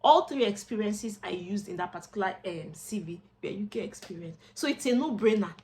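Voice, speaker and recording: Mid-range in pitch and fairly quick, a young woman with a Nigerian accent talks casually to camera as a vlogger looking for work. She's expressive, drops into Pidgin asides, and a little hiss or hum runs beneath her.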